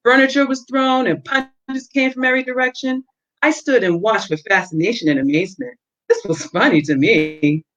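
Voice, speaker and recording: A woman author reading her own novel aloud on a livestream, with steady, expressive storytelling. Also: a little high, normal speed. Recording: dull lo-fi audio.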